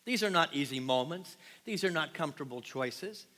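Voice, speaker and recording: A man preaching a passionate sermon to his congregation, swinging from loud emphatic peaks to quiet, hushed lines and often asking the room questions. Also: on the high side, lively intonation, moderate pace. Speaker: pastor. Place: large church sanctuary. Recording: long hall reverb.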